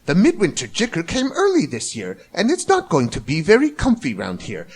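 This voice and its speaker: A man voicing a panicky man in a rain slicker who yells warnings before fleeing. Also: fairly high pitch, huge pitch swings, moderate pace, husky, exaggerated voice. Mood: alarmed. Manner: frantic, yelling warnings.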